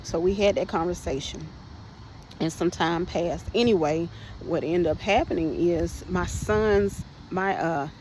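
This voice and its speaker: A woman's voice: on the low side, measured pace, darkish tone, slight background noise, poor audio. A woman hosting a podcast and telling her personal testimony in a conversational way, often speaking to listeners as "y'all" and restarting her sentences.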